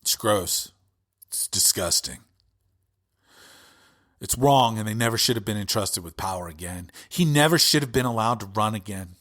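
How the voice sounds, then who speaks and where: A man's voice: on the low side, expressive, moderate pace, long pauses, a bit bright. A male podcast host giving an impassioned, profane political rant with heavy emphasis.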